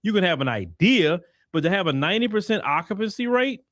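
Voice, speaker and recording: A man's voice: high voice, sing-song, fast talker, fairly bright tone, dry recording, clean studio sound. A man with a Texan accent hosting a commentary monologue, emphatic and preachy, mocking the voices he quotes. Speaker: host.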